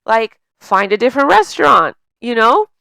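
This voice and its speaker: A woman speaks as a life coach in a loose, conversational way, full of "you know" and "like". She has a slight stutter and repeats words partway through a sentence. Her voice is smooth and resonant, recorded close with a dry sound. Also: fairly high pitch, very animated, normal speed, sharp tone, dry recording. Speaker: emotional intelligence coach. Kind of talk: casual coaching monologue.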